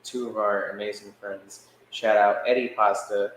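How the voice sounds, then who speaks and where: A man co-hosting a podcast, telling a story in a casual, animated way and laughing as he acts out what others said. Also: on the low side, moderate pace, slight background noise. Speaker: podcast co-host. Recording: echoey room with faint ambience.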